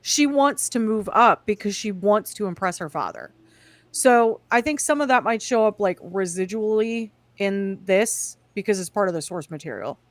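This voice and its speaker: A woman co-hosting a podcast in casual chat, animated and opinionated, often laughing. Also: medium pitch, moderate pace, no room sound. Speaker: podcast co-host.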